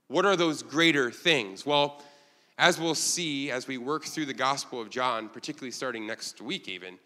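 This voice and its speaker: A man preaching a sermon in a loose, conversational way, animated and chuckling as he explains the passage. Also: medium pitch, big-room sound. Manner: conversational, animated, laughs at own lines. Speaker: pastor.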